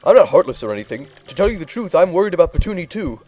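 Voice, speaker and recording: A man's voice: sits high, big pitch swings, very fast, warm tone, faint music behind, voice pushed up, low-quality recording. A man voicing a stubborn, proud young creature in a game playthrough, sneering and dismissive. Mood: defiant.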